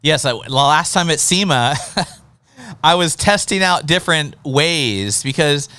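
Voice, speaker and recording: A male interview host with a bright, crisp voice, recorded close and dry. He chats casually and tells animated stories, acting out little scenes as he talks. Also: fairly high pitch, unhurried, no room sound. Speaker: podcast host.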